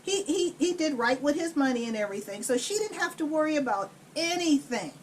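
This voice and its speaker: A woman telling a story in casual chat while cooking at home, blunt and profane, with an animated, no-nonsense delivery. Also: high voice, fairly quick, noisy background. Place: home kitchen.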